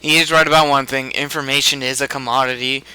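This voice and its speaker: A man's voice: mid-range voice, steady tone, fast talker, sharp tone, clear, resonant tone, low-quality recording. A man from the United States giving casual, joking, rambling commentary over a video game on a headset mic. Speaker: game let's play host.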